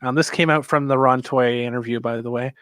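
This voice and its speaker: A man co-hosting a casual chat show, giving a laid-back, upbeat pitch for the show's merchandise. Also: steady tone, fairly quick, fairly bright tone, no room sound. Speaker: podcast co-host.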